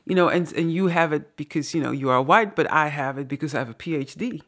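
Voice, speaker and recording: A woman co-hosting a podcast, telling stories in an animated way, acting out quotes and laughing often. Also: deep voice, quick pace. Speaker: podcast co-host. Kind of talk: casual podcast conversation.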